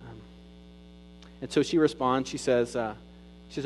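A man preaching a sermon as pastor, rising to loud emphatic peaks and dropping to soft, intimate retelling. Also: medium pitch, unhurried, pauses often, a little hiss or hum, low-quality recording.

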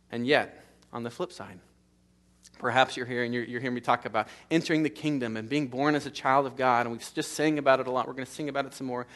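A man's voice: mid-range voice, a bit bright. A middle-aged man preaching a sermon in a church, with an emphatic, repetitive cadence that builds through lists of short phrases. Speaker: pastor. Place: church sanctuary.

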